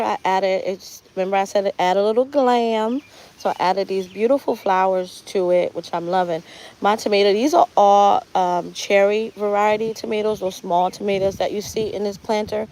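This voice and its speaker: A woman's voice: mid-range voice, fairly even intonation, normal speed, darkish tone. A woman hosting a casual live tour of her home garden outdoors, talking in a chatty, heartfelt way about prayer and gratitude while she walks with her phone. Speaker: gardening channel host.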